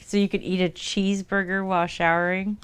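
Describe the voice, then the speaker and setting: Smooth-voiced chatty woman streamer. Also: medium pitch, level tone, fairly quick. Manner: chatty, playful, answers chat. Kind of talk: casual livestream chat.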